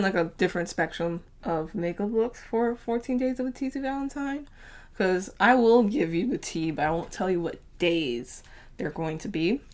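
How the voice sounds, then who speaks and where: A woman's voice: fairly low pitch, a little mellow. A chatty young woman, talking through a makeup tutorial with frequent fillers and laughs. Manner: chatty, upbeat, laughs often, lots of fillers. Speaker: beauty vlogger.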